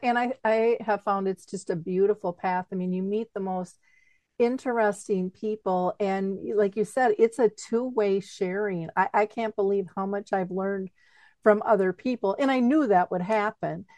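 A woman hosts an interview in a bright, chatty manner and laughs often. Her voice sits at a middle pitch and is recorded dry, with no room sound. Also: moderate pace, no room sound. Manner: animated, chatty, laughs easily. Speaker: host. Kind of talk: interview conversation.

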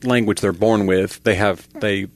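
A man co-hosting a podcast in casual chat, relaxed and joking, acting out little voices in his stories. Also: lowish voice, moderate pace, dry recording. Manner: relaxed joke-telling, acts out voices in anecdotes. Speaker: podcast co-host.

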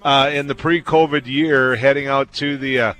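A man's voice: mid-range voice, steady tone, normal speed, fairly bright tone, soft background music. A man co-hosting a radio show from a community event. He tells jokey stories and laughs as he goes. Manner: jokey storyteller, laughs mid-sentence. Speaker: radio co-host reporting on location. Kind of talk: casual on-air chat, remote broadcast.

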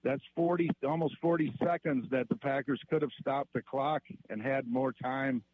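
A man's voice: medium pitch, steady tone, moderate pace, a little hiss or hum. A man calling in to a sports radio show, methodically recounting game details. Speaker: caller. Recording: tinny phone line.

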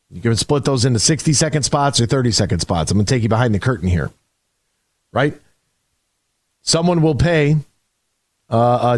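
A man's voice: medium pitch, dry recording, clean studio sound. Chatty sports radio host, man. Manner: energetic, rambling, many restarts. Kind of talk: call-in sports talk.

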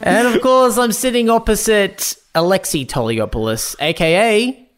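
A man's voice: high voice, sing-song, moderate pace, soft background music. A young Australian man co-hosting a podcast in a jokey, crude, playful way. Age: young adult. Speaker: podcast co-host. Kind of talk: casual comedic podcast chat.

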